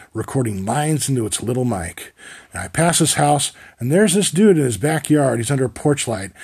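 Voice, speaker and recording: A man's voice: mid-range voice, vocal fry, a little mellow, slightly rough. A man in his forties hosting a podcast, telling a story in a wry, profane, rambling comic monologue. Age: 40s. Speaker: podcast host.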